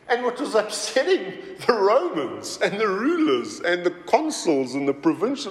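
A man preaching a sermon as pastor, talking in a conversational, animated way with many asides. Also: high voice, normal speed, few pauses. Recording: roomy hall reverb, faint ambience.

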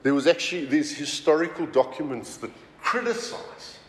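A man preaching a sermon as pastor, talking in a conversational, animated way with many asides. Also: fairly high pitch, moderate pace, slight background noise. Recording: roomy hall reverb, faint ambience.

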